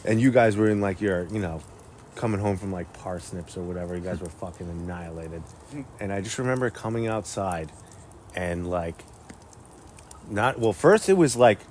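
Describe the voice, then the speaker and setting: A man with a fairly low voice chats easily with friends, laid-back and quick to chuckle. Faint noise sits behind him. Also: lively intonation, darkish tone. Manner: laid-back, chuckling, prompts others to tell stories. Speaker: friend in group chat. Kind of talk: casual chat among friends.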